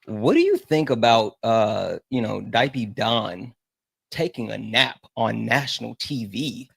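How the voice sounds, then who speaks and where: A man in casual livestream banter, gravelly and a little rough at the bottom of his voice. He stumbles through restarts and fillers as he teases. The sound is close and dry. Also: mid-range voice, lively intonation, measured pace, fairly bright tone, dry recording. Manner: joking, hesitant with many fillers and restarts.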